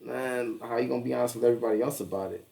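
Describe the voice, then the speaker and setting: A man's voice: mid-range voice, steady tone, racing, gravelly, mellow, recorded from a distance. Rambling, profane man, a bit off-mic. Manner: profane, rambling, laughs often, acts out little dialogues. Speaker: podcast co-host. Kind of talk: casual chat.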